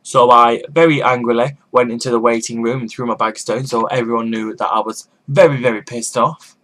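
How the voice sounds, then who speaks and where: A man's voice: mid-range voice, steady tone, brisk, a bit bright. Sarcastic young man ranting. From Northern England. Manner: sarcastic, profane, exaggerated. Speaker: vlogger. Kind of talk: casual rant to camera.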